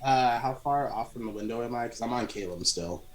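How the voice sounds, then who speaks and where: A man playing a tabletop game, chatting casually at a mid pitch. Faint music sits behind his voice. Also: fairly quick, rough recording. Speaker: player.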